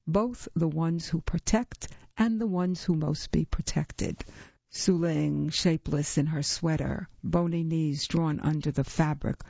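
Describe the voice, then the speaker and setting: Woman reading a sci-fi short, slow and gravelly, dull muffled recording. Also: sits low, dry recording. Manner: slow, even storytelling. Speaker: narrator. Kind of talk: audiobook reading.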